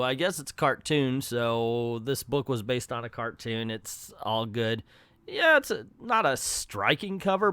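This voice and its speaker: A man's voice: medium pitch, a bit bright, clean tone, no room sound, clean studio sound. A man giving a casual, sarcastic spoken review of a comic book, with wry running commentary.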